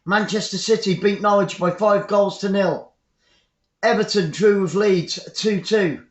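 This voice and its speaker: English male fan commentator, high-pitched, chatty, dull roomy home recording. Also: measured pace. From England. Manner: chatty, repeats phrases, bursts of excitement. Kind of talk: live football commentary.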